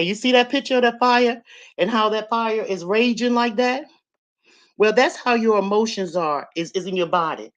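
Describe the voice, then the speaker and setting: A woman hosting a casual live stream, talking straight to her viewers in a chatty way, a bit out of breath. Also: medium pitch. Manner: chatty, addresses viewers directly.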